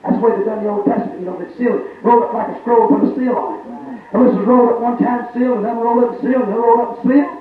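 A man's voice: very high-pitched, steady tone, racing. A man preaching a fervent call-and-response sermon in a church service, rhythmic and repetitive, often asking his congregation if that is right. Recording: tinny, echoey old sermon recording from far off.

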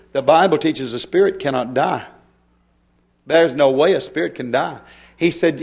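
A man delivers a fervent sermon in a high voice. He fires off rhetorical questions and builds into emphatic, rising bursts. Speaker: preacher.

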